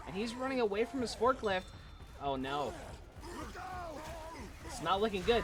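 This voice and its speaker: A man casting a live esports match with play-by-play commentary, getting excitable as fights build. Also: normal speed, long pauses, a little hiss or hum. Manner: excitable, builds in pitch and volume during fights. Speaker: esports caster.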